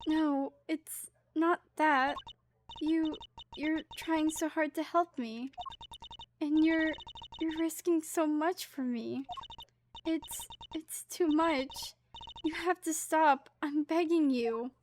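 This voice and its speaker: A woman's voice: sits high, fairly even intonation, slight background noise. Woman doing a tearful frightened young woman. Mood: pleading. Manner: tearful, pleading, halting. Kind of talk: reading game dialogue aloud.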